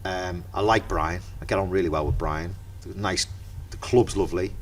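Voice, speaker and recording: Deep-voiced Merseyside man telling stories. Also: normal speed. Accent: Merseyside English. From Merseyside, England. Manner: lively anecdotal storyteller acting out dialogue. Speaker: podcast guest. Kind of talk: casual chat.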